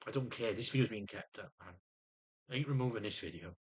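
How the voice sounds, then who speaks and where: A man's voice: fairly low pitch, fast talker, slightly rough. A middle-aged man in an agitated personal rant to camera, often stumbling and repeating words as he vents. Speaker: vlogger.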